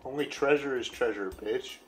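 A co-host playing a game in casual, swear-heavy banter, reacting out loud to everything. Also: mid-range voice, normal speed, reverberant. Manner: swears a lot, exclaims at the game. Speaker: gameplay co-host. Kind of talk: casual let's-play banter.

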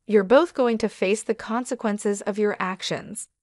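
A woman's voice: mid-range voice, a little slow, no room sound, studio quality, natural voice. A woman voicing a fierce mother confronting her husband in a read-aloud story, firm and indignant.

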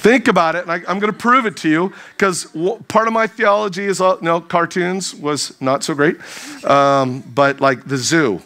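A man giving a humorous youth sermon to a live audience, playful and animated as he jokes with the crowd. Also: high-pitched, normal speed. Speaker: youth speaker.

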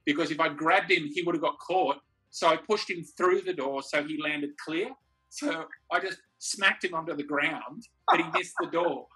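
An easygoing Australian man tells stories over a video call and laughs often. His voice is bright and a little husky, and it sits slightly high for a man. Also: moderate pace, soft background music. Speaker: comedy co-host.

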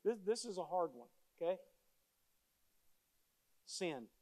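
A man's voice: high-pitched, normal speed, darkish tone. A male pastor preaching a sermon with emphasis, repeating key phrases as he tells stories.

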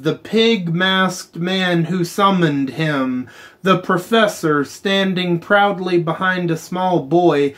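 A man hosting a gaming channel, chatting casually over gameplay and slowly reading story text aloud with muttered asides. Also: sits high.

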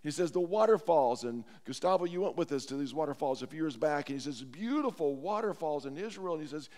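A man preaching a sermon as pastor, earnest and slowing down to stress scripture lines. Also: on the high side, lively intonation, darkish tone, long reverb tail. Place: church sanctuary.

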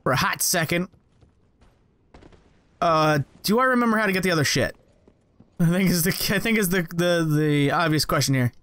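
Gameplay commentator, male, high-pitched, profane and jokey, talks straight at game enemies. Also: normal speed, pauses often, fairly bright tone, smooth, no echo. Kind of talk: let's play commentary.

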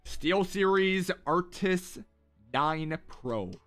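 A young man with a high voice streams a mobile shooter live, talking through his headset to his viewers. He gets excitable and says the same short phrases again and again. Faint game music plays underneath. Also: extremely slow, clear, resonant tone. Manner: excitable, repeats phrases over and over. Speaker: livestream gamer host. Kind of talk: casual live game commentary.

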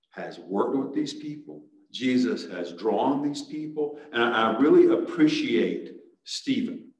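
Earnest preacher in an echoey sanctuary. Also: male voice, mid-range voice, a little mellow. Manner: earnest, rising to urgent exhortation. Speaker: pastor. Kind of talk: sermon. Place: church sanctuary. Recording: echoey church sanctuary, mic at a distance.

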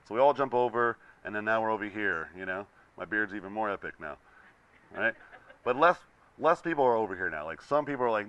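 A man's voice: fairly low pitch, fast talker, highs cut off. A young man, a visiting concept artist, casually talking to students while sketching, telling a story and acting out the people in it. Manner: storytelling, animated, acts out quoted people. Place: classroom.

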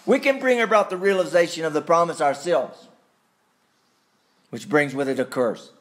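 A man preaching a sermon, slow and deliberate, with sudden emphatic rises and quiet asides. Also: a little high. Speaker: pastor.

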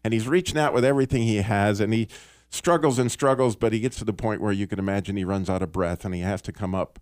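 A man hosting a Christian radio talk show, telling a story in an earnest, animated way with small restarts. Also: fairly low pitch, fast talker, dry recording, studio quality. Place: radio studio.

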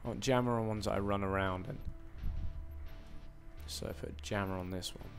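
A man's voice: fairly low pitch, fairly even intonation, moderate pace, soft background music. A young man with a put-on American accent, rambling through live game commentary with self-mocking asides. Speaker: gaming commentator.

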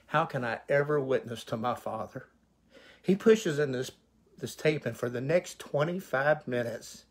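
A man's voice: mid-range voice, a bit bright, slightly rough. A male pastor telling his personal testimony, an emotional, vivid retelling full of quoted dialogue.

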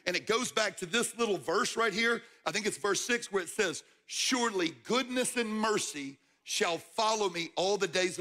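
A man preaching a sermon in a church, talking straight to the crowd and building to loud, emphatic peaks. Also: high-pitched. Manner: preaching with rising emphasis, addressing the crowd directly. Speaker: guest speaker, football coach. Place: church stage.

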